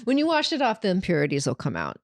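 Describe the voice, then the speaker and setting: A woman's voice: on the low side, wildly swooping pitch, quick pace, no room sound. Woman, podcast host, chatty, giggly, dry close mic. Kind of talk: casual chat.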